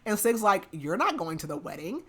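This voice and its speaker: A woman's voice: medium pitch, a little fast. Chatty woman recapping a romance novel. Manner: animated retelling with lots of "like", half-acting the quotes. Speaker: podcast host. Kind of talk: casual book recap.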